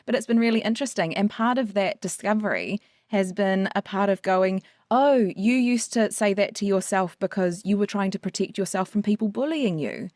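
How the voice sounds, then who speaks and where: A woman co-host speaking reflectively on a podcast and laughing often. The recording is dry and close, and her voice sits at a middle pitch. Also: normal speed, hardly any pauses, a little mellow, dry recording. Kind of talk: casual chat.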